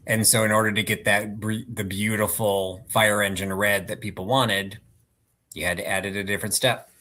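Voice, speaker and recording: A man's voice: fairly low pitch, level tone, normal speed, bright, forceful tone. A man co-hosting a live-streamed sale, presenting his items in a casual, wry, self-deprecating way. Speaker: live sale co-host seller. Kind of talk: live-stream auction patter.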